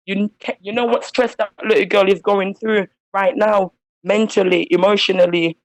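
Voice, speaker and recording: A woman's voice: mid-range voice, fairly even intonation, normal speed, dry recording, rough recording. A woman calling in to a phone-in show, speaking heatedly and emphatically in slang because she is upset. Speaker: caller. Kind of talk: impassioned phone-in rant.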